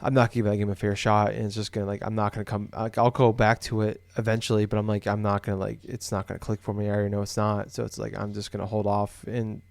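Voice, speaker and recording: Podcast co-host, young man from Iowa, lowish voice, loose rambling delivery, dry close mic. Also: little pitch movement, quick pace, creaky, hardly any pauses, no echo. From Des Moines, Iowa. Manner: rambling, full of fillers and restarts. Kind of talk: casual chat.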